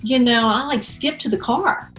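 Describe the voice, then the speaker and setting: Animated woman telling stories in an interview. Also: moderate pace, faint music behind. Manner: animated storyteller, bursts into high excited exclamations. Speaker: guest author and speaker. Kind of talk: casual interview chat.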